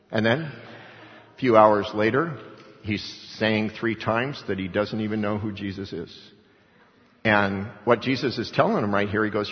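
A man preaching a sermon, swinging between loud emphatic passages and quiet asides, at times acting out the lines he quotes. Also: on the low side, moderate pace. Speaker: pastor. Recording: dull sound with long hall reverb.

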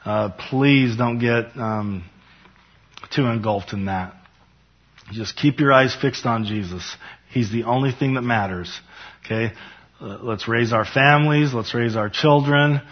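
Earnest husky man teaching scripture. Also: medium pitch, dull audio. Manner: earnest, fervent, addresses viewers as "you guys"; reads scripture slowly with rising emphasis. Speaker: Bible teacher. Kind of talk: casual Bible teaching to viewers.

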